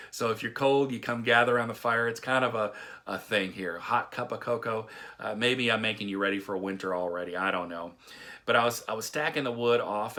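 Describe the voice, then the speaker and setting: A man's voice: on the low side, bright, forceful tone. A middle-aged man from Texas giving a casual devotional talk, telling folksy stories with chuckles and restarts. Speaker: devotional speaker.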